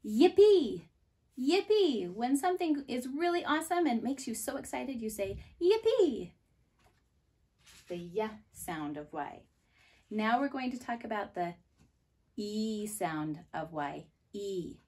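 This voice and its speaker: A woman leads a preschool phonics lesson at an unhurried, very slow pace. She sounds each word out clearly and repeats it, and her voice sits at an ordinary middle pitch. Now and then she breaks into an excited exclamation. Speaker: preschool teacher. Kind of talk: phonics lesson for young children.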